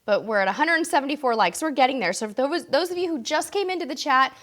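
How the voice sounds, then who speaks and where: A woman's voice: high voice, animated, fast talker, fairly bright tone. A woman hosting a casual live question-and-answer stream, reading viewer comments aloud and answering them, tired and losing her voice.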